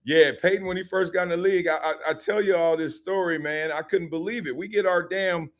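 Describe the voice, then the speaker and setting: A middle-aged man, a former football player, hosting a live sports talk stream and telling stories in a lively, joking way. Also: sits high. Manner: animated storytelling with laughs and quick asides.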